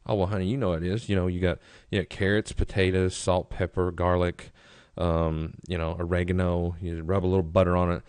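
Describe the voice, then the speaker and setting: A man's voice: deep voice, level tone, brisk, a little mellow, clear, resonant tone, no echo, voice pushed down, natural voice. A man voicing a middle-aged mother who lists things offhandedly. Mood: offhand. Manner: offhand, listing casually.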